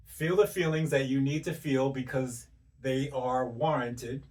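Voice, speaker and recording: A man giving a motivational self-help talk, speaking directly to the listener in rapid strings of rhetorical questions. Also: medium pitch, fairly even intonation, a little mellow, distant mic. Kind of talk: motivational monologue.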